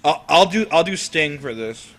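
A man's voice: on the high side, lively intonation, normal speed. A man co-hosting a casual comedic chat, throwing in dry quips. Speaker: podcast co-host.

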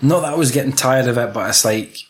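A man's voice: medium pitch, fast. A Scottish man chatting casually about a film, full of slang and swearing.

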